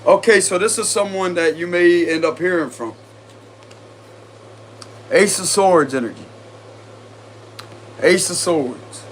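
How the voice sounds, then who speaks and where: A man's voice: sits high, slow, pauses often, slight background noise. A man with a Cajun accent doing a casual tarot reading, chatty and confident, often repeating himself. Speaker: tarot reader.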